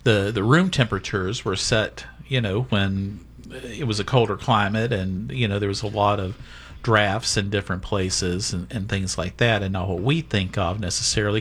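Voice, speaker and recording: Guy hosting a chat, jokey, lots of ums, kinda low voice. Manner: chatty, jokey, halting with fillers. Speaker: host. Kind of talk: casual chat.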